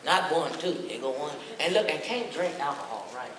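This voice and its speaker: A woman's voice: sits low, brisk, a crowd in the background. A woman giving a humorous, sassy health talk to a live audience, acting out little voices as she goes. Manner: sassy, lively, acts out voices. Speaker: motivational speaker. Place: large hall with audience. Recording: echoey hall, mic from far off, noisy.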